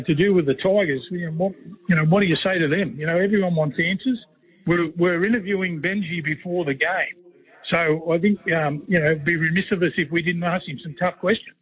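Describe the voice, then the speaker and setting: Brief: Australian man, high voice, rambling folksy radio guest on a phone line. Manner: rambling, folksy, says "mate" constantly. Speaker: radio guest, former player and commentator. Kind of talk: casual storytelling chat.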